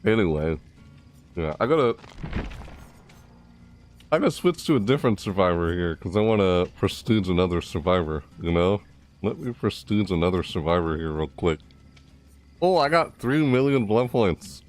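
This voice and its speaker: Low-voiced man commenting on a game. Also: expressive, moderate pace, long pauses, soft background music. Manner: chatty, reacts loudly, talks to himself. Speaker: gaming YouTuber. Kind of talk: casual gameplay commentary.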